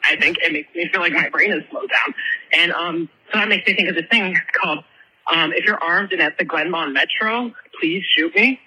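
A man's voice: fairly high pitch, normal speed, pushed and bright, husky, poor audio. A young man leaving a rambling, casual voicemail, full of ums and likes.

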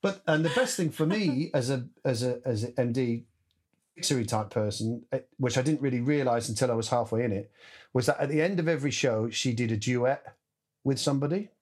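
As a guest in an easygoing anecdotal chat, a musical director tells his stories with animation, acting out voices and sounds, his mid-range voice moving briskly.

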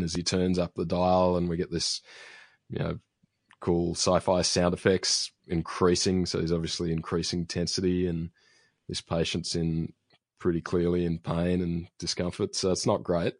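A man's voice: low-pitched, monotone, moderate pace, dry recording, studio quality. A man casually recapping a TV episode as a podcast host, rambling with fillers and restarts. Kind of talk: casual chat.

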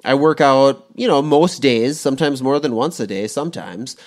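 A man's voice: mid-range voice, moderate pace. A man in his forties asking questions in a casual talk, rambling and thinking aloud with many restarts. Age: 40s. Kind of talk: casual conversation.

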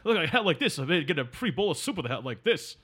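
A man doing a quick impression of a brash, wisecracking older male comedian who delivers punchy, self-deprecating one-liners. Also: on the high side, very animated, sharp tone, husky, heavily acted.

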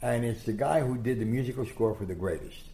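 Gravelly older man telling stories. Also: medium pitch, a little fast. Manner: animated, acts out quotes, many restarts. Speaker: guest storyteller. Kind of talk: anecdotal interview storytelling. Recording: echoey room.

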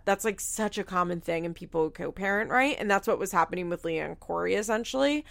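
A woman's voice: medium pitch, quick pace, creaky, hardly any pauses, fairly bright tone. A young woman giving frank, casual commentary on a reality show, swearing freely and filling her talk with "like". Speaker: reality TV recap host.

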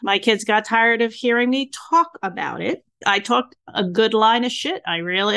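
A woman in her sixties hosting a podcast, chatting casually and telling stories with lively, acted-out reactions. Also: fairly high pitch, moderate pace, gravelly, few pauses. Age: 60s. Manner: animated storyteller acting out her own reactions. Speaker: podcast host. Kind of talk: casual interview chat.

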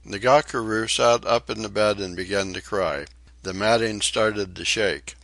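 A man reading a short story aloud in a measured, even storytelling way. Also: on the low side, gravelly, no room sound. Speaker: audiobook reader. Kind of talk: audiobook narration.

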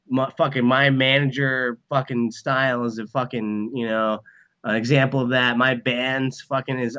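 A man's voice: medium pitch, sharp tone, clean tone. Profane, fired-up man on a podcast. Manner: profane, rambling, emphatic. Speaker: guest, band manager. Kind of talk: casual podcast chat.

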